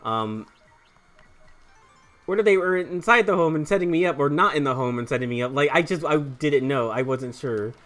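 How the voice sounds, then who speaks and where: A man's voice: fairly high pitch, moderate pace, fairly bright tone, faint music behind. Young male gaming host, casual rambling storyteller, swears a lot, fillers and restarts. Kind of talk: casual storytelling over gameplay.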